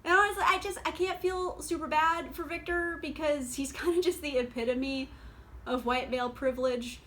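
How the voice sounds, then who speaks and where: Bright, high-voiced chatty woman. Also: steady tone, normal speed. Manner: chatty and sarcastic, many fillers, laughs often. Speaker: book vlogger. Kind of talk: casual book review vlog.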